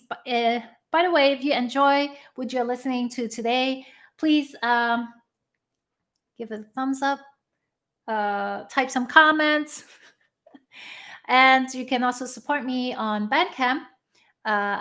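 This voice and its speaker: Woman violinist, slightly high voice, slow casual live-stream patter from home, lots of ums. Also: fairly bright tone. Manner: unhurried, with frequent ums and uhs. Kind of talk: casual spoken introductions between pieces. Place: her living room.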